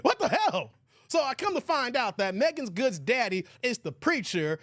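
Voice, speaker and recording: A man hosting a live stream in a casual commentary style, reading out viewer chat and reacting loudly. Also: very high voice, normal speed, no echo, studio quality. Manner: animated, exclamatory, reads viewer chat aloud.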